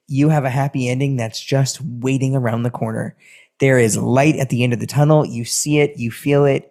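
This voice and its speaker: A man talking through a casual astrology and tarot reading on his own. He's animated and sing-songy, with loose, emphatic delivery and the odd swear word. His pitch sits in the middle of the male range. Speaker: tarot reader.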